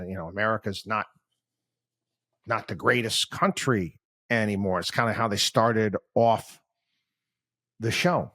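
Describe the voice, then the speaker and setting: A man's voice: on the low side, sharp tone. A man hosting a podcast, talking through his thoughts in a rambling, conversational monologue. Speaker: podcast host. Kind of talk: casual commentary monologue.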